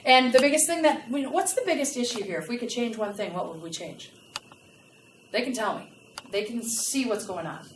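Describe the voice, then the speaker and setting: Woman workplace trainer, animated, fairly high voice, distant and roomy. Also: a little fast. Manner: animated, asks the audience questions. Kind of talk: customer service training talk. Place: large room with a live audience. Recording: echoey room, from a distance, faint noise.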